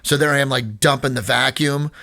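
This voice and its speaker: A man's voice: medium pitch, steady tone, fairly quick, creaky, pushed and bright, no room sound, studio quality. A man telling a long story in casual chat, rambling with many restarts and fillers. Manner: rambling, many restarts and fillers, retells exchanges with quoted dialogue. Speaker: skatepark owner, podcast guest.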